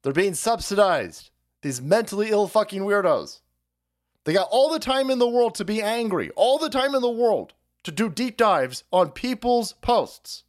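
A man's voice: sits high, very animated, normal speed. Profane, mocking male streamer ranting. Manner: profane, mocking, loud, laughing. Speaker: streamer host. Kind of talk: ranting livestream commentary.

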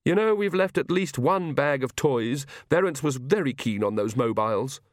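A man voices an earnest, anxious young mother in a storybook reading, sounding fretful. He speaks at normal speed in an animated, mid-range voice pitched above his own yet still natural, with clean studio sound and no room sound.

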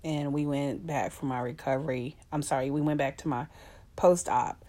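Emotional woman with a low voice. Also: steady tone, normal speed, mellow. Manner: emotional and heartfelt, with hesitant fillers; addresses her audience as y'all. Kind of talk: personal storytelling.

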